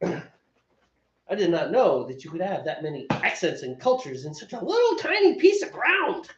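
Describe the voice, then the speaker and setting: A man's voice: sits high, normal speed. A playful man ribbing his brewing partner, his voice swinging up and down as he jokes around. The sound is roomy and a bit dull, as if caught in a garage with faint noise behind. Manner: teasing, playful, animated. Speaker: homebrewer co-host. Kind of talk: casual joking brewing chat. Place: garage at a friend's house.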